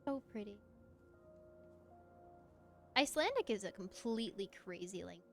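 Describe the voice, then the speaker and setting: A woman streaming from her room, chatting casually while she plays, gushing and excitable with frequent laughter. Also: medium pitch, normal speed, soft background music. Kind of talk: casual live-stream chat while playing.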